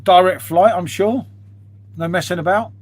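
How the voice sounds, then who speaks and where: A man with a husky, slightly raised voice chats to viewers in a loose live-stream ramble. He swears freely and drops "mate" into nearly every line. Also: high-pitched, moderate pace, no echo. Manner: chatty, swears freely, says "mate" constantly.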